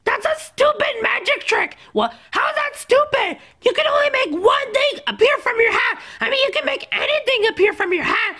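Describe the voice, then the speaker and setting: A squeaky, high young badger girl, voiced by a woman in a plush toy skit. She is blunt and excitable, yelling out her reactions with big swoops in pitch. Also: moderate pace, hardly any pauses, full character voice. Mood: scornful.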